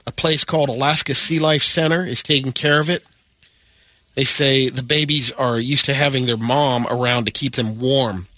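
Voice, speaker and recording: A man reading news items on a morning radio show, steady with dry asides. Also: medium pitch, normal speed, no room sound. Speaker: radio news segment host.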